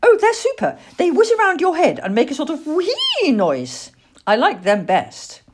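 A woman doing an excited little boy. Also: sits high, a little slow, pitched above the performer's own voice, heavily acted. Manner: eager, chatty and bubbly.

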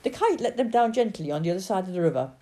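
A woman reading a children's storybook aloud in a dramatic, expressive way. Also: mid-range voice, very fast. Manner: dramatic, sing-song.

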